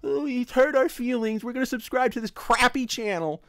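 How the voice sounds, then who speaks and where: A man putting on the voice of a petulant, offended online commenter in a high, mocking whine. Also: moderate pace, fairly bright tone, clean tone, no echo, studio quality.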